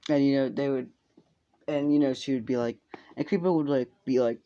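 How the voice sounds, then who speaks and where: A man's voice: mid-range voice, fairly even intonation, a little fast, mellow, highs cut off. A young man casually improvising a fan story, rambling with fillers, laughs and swearing.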